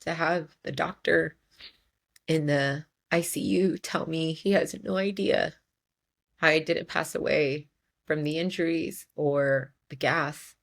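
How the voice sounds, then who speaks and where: A woman's voice: deep voice, fairly even intonation, slow, gravelly. A young adult woman hosting her own podcast, talking in a heartfelt, tearful way, repeating and restarting her words. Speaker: podcast host. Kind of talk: heartfelt solo podcast monologue.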